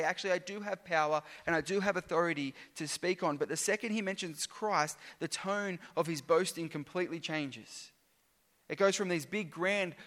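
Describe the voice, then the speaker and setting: A man's voice: on the high side, fairly bright tone, long reverb tail. A man preaching a sermon, reading scripture aloud with emphatic, sometimes sarcastic delivery.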